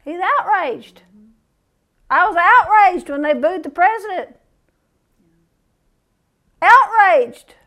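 A woman's voice: very high-pitched, lively intonation, measured pace, fairly bright tone. A woman preacher delivering a sermon, reading scripture aloud and breaking into folksy, fiery asides.

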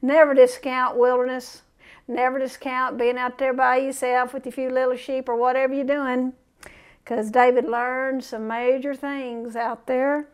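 A woman's voice: sits high, smooth. A woman preacher delivering a sermon, reading scripture aloud and breaking into folksy, fiery asides.

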